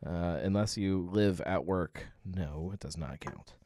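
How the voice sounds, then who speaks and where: Deep-voiced man rambling through a beer chat. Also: a little slow, warm tone, no room sound. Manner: rambling, filler-heavy, reads chat comments aloud. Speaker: livestream host. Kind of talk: casual live beer-tasting chat.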